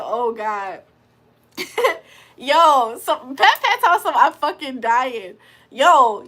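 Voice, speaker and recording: Woman livestream host, high and bright, playful and profane, banter with chat. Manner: joking, laughing, profane, reads chat aloud.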